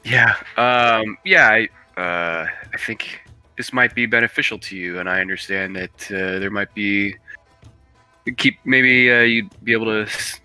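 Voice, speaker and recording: A man playing in a tabletop game, speaking hesitantly as he pitches a deal in character. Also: a little slow, sharp tone, smooth, dry recording, faint music behind. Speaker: player. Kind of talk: casual tabletop play.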